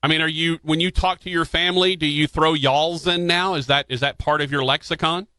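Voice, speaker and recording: A man's voice: on the high side, fairly even intonation, brisk, bright, forceful tone, no room sound. A man hosting a radio show, chatting casually with a guest, often restarting his sentences with fillers. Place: radio studio. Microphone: studio microphone.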